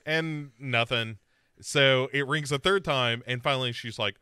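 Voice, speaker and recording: In a clear, resonant voice of medium pitch, a male podcast co-host talks a little slowly while recapping a horror series. It's casual chat, animated, with him acting out characters' lines, and the studio sound is clean with no echo.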